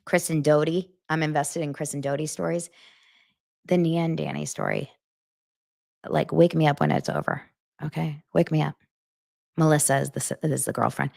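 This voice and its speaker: A woman's voice: low-pitched, moderate pace, creaky, long pauses. A woman hosting a podcast, chatting casually and animatedly about reality TV, often turning to her listeners. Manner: chatty, animated, talks straight to her audience. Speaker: podcast host. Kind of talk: casual gossip chat.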